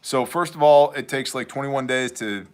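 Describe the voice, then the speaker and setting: A man's voice: medium pitch, moderate pace, clear, resonant tone. A man from Wisconsin hosting a casual livestream, joking and laughing often. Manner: joking, laughs often, mock Canadian voices. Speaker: livestream host.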